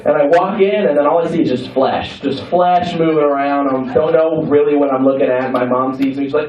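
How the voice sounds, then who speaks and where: A man's voice: a little high, fairly even intonation, a little fast, few pauses, recorded from a distance. A young man doing a stand-up comedy set in a club, playful and teasing with the crowd, swearing freely. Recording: roomy club sound from afar, dull. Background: audience laughter.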